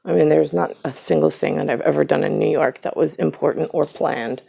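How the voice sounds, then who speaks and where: A woman's voice: sits low, expressive, a little fast, vocal fry, few pauses, warm tone, breathy edge. A woman vlogging in a rambling solo monologue, drifting between scattered thoughts with many fillers and heated, swearing outbursts.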